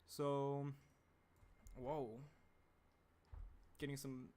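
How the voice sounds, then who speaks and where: A young man chatting casually on a livestream while he animates, rambling and reading chat aloud, clearing a throat that keeps tickling. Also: medium pitch, flat delivery, drawn-out words, dark tone. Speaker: animator streaming his work.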